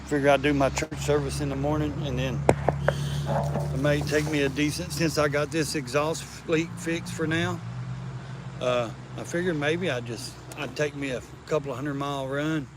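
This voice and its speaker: A man's voice: on the high side, fairly even intonation, normal speed, noisy background. A man chatting casually outdoors, rambling and crude, breaking into baby-talk for the cats around him. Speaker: vlogger.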